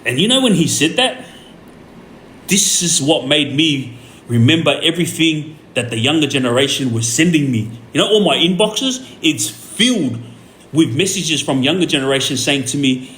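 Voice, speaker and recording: A man's voice: a little high, moderate pace, slight background noise. Man telling a story in an echoey room. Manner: animated, retells conversations in quoted back-and-forth. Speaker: podcast host telling a story. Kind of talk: casual storytelling monologue. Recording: roomy echo with faint ambience.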